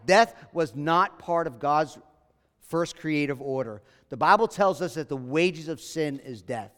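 High-voiced man preaching in echoing church. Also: animated, measured pace, fairly bright tone. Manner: earnest, emphatic, repeats key phrases. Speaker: pastor. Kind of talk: sermon.

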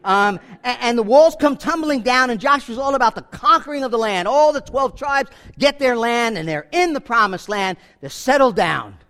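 Man, preacher, high voice, animated sermon, plays out the characters. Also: moderate pace, hardly any pauses. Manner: animated, acts out voices of biblical figures. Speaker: pastor.

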